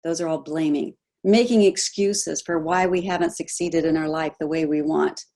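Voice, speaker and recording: A woman coaching a group on a video call, animated, asking her listeners questions and acting out example voices. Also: sits low, moderate pace. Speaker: health coach.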